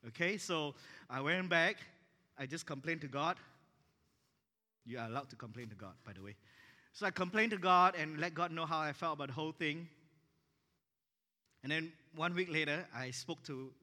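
A man pastor telling a story in a sermon, acting out the dialogue with lively energy. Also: on the high side, moderate pace, pauses often. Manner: animated, acts out dialogue in his stories. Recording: echoey hall reverb.

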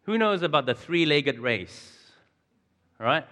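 A man's voice: fairly high pitch, animated, slow, pushed and bright. A man, preaching a chatty sermon, asking his audience questions and chuckling often. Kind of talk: conversational sermon. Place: large church hall. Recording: long hall reverb.

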